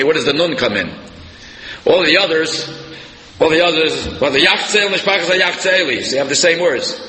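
A man delivers a Torah lecture in a bright, slightly high voice. He swings into sharp, animated peaks as he tells stories. The recording carries a long hall echo with faint room noise behind. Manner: animated storyteller, voice leaping up for emphasis. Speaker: rabbi giving a Torah class. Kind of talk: sermon-style Torah lecture.

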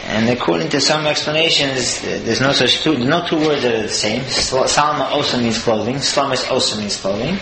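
A man teaches a Torah lesson, earnest and explanatory, unpacking each verse phrase by phrase. His voice sits at an ordinary middle pitch. The room is echoey, with steady noise behind him. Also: normal speed, hardly any pauses.

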